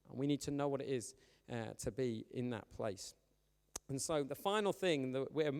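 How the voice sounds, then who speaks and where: In a church hall with long reverb, a youth pastor with a medium-pitched male voice delivers an informal storytelling sermon. He is chatty and animated, joking with his young audience.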